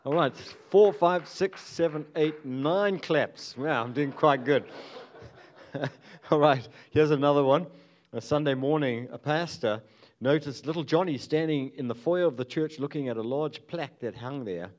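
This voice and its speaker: A man leading a church sermon as its pastor, telling stories in a relaxed, chuckling way. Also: a little high, measured pace. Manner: easygoing, chuckling storyteller. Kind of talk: sermon with opening jokes.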